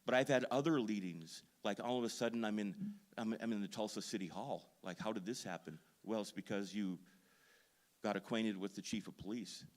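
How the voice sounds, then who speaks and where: Low-voiced man preaching a story sermon. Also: brisk. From Duluth, Minnesota. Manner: storytelling, self-deprecating, builds to loud emphasis. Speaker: pastor. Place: church sanctuary.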